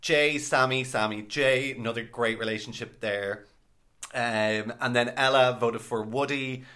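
A man's voice: mid-range voice, fairly even intonation, a little slow, pushed and bright. A man hosting a podcast from home, upbeat and chatty, swearing casually. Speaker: podcast host. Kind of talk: casual chat. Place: home, by a fire.

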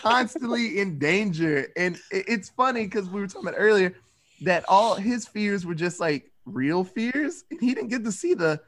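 A man with a slightly raised voice rambles through a movie recap in casual, profane talk. He slips in quick acted-out lines from the characters. Loose and conversational throughout. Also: high-pitched, animated, fairly bright tone. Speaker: podcast panelist.

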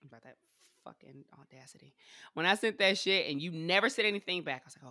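A woman's voice: fairly low pitch, animated, fast talker, pushed and bright, dry recording, studio quality. A woman co-hosting a casual chat with friends, blunt and profane, teasing with affection.

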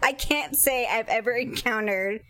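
A woman's voice: fairly high pitch, pushed and bright, faint music behind. A woman in casual chat, teasing and joking wryly. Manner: wry, teasing, quick jokes.

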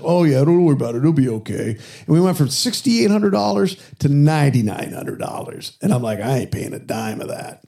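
Male host, loose and profane storyteller, warm low timbre. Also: lively intonation, fairly quick, creaky. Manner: profane storyteller who acts out quoted exchanges. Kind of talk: casual car chat.

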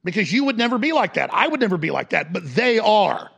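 A male talk radio host in an impassioned broadcast monologue. He rants with force, swinging between shouts and low growls. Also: sing-song, a little fast, vocal fry, husky.

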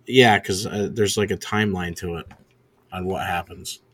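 A man's voice: low-pitched, steady tone, moderate pace. A man chatting as a podcast co-host, sounding exasperated and swearing often. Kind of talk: casual chat.

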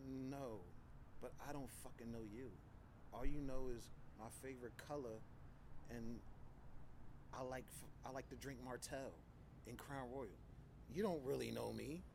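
A man chats as a guest on a casual podcast, his voice sitting at an ordinary middle pitch. He tells blunt, profanity-laced stories in a meandering, conversational way. A constant background noise runs beneath his voice. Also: steady tone, measured pace, vocal fry, pauses often. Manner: candid, profane storytelling; loose, conversational, frequent "like" and "you know".

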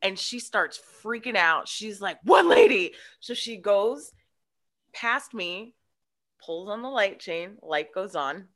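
A woman's voice: mid-range voice, slow pace. A woman, a podcast guest, telling a childhood story in casual chat and acting out the voices in it. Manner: animated, acts out voices in her story.

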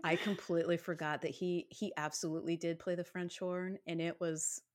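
A woman's voice: lowish voice, flat delivery, brisk. Chatty, laughing woman podcast co-host. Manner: laughs easily, chatty and loose. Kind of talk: casual true-crime podcast chat.

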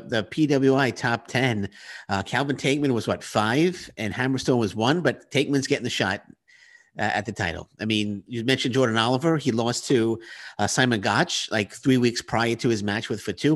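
A man's voice: mid-range voice, moderate pace. Male podcast co-host, worked-up and ranting about wrestling booking, stumbling over restarts. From Queens, New York. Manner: animated, ranting, many restarts. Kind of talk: casual wrestling chat. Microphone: webcam.

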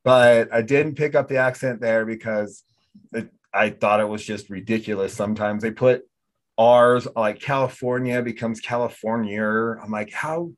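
A man's voice: medium pitch, fairly even intonation, moderate pace. A middle-aged man from North Dakota hosting a casual chat, telling stories and acting out the exchanges he describes. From North Dakota, USA. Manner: chatty storyteller, acts out quoted exchanges. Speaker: podcast host. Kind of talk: casual conversation.

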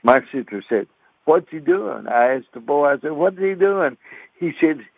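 A man, a radio preacher telling a folksy, animated story as a sermon and mimicking banjo twangs. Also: a little high, normal speed, vocal fry, no echo. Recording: tinny phone-like dry radio sound.

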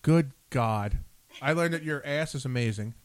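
A man's voice: mid-range voice, normal speed, dry recording. A man hosting a radio show, talking in a blunt, profane, rambling way with lots of restarts. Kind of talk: casual on-air chat.

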